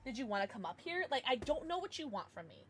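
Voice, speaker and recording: Bubbly streamer girl, high voice that bounces all over, lots of giggles and cutesy baby talk. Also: very animated, quick pace, fairly bright tone, slight background noise. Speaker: livestreamer. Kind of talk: casual livestream chat.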